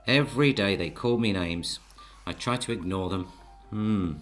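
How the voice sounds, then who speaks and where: A man's voice: on the low side, normal speed, soft background music, close to an everyday voice. A man voicing a small, fed-up male field mouse who talks back with indignation in a storybook tale. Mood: brooding. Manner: indignant, exasperated.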